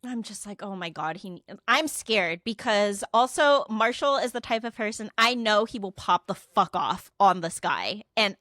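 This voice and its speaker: A woman's voice: mid-range voice, expressive, unhurried, few pauses, bright, forceful tone, dry recording, clean studio sound. A young adult woman co-hosting a podcast, casually telling a story, acting out quotes and swearing freely. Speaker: podcast co-host.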